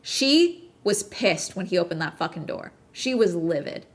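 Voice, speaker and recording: A woman hosting a casual podcast, recapping a crime documentary in an animated, profane way with frequent "okay?" check-ins. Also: fairly low pitch, a little slow. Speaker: podcast host.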